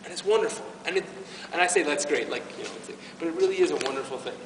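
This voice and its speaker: With a highish voice and a racing delivery, a man gives an informal, earnest, emotional faith talk to his parish youth group, restarting many times. He serves as the parish youth ministry speaker. Noise fills the background, and the sound comes from far off in an echoey hall.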